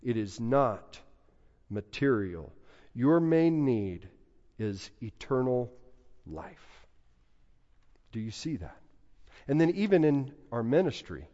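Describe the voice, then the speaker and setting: A man preaching a sermon as pastor, measured and emphatic, repeating key phrases. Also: medium pitch, warm tone. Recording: dull sound in a reverberant hall.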